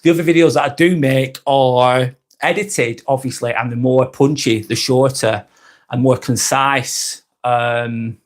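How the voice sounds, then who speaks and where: A man's voice: mid-range voice, steady tone, unhurried. A man with a Lancashire accent hosting a live stream, talking in a rambling, reflective way and often restarting and correcting himself. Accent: Lancashire (Blackburn). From Lancashire, northwest England. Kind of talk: casual live-stream monologue.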